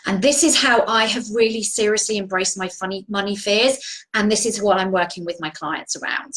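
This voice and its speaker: A woman's voice: mid-range voice, brisk, a bit bright, rough recording. A woman coaching viewers on a live video stream, talking earnestly and encouragingly, often restarting her sentences. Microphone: video call.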